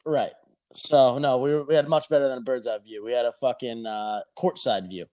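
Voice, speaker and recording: A man's voice: medium pitch, steady tone, normal speed, warm tone. A man telling a rambling, profane anecdote in a casual chat. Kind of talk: casual storytelling.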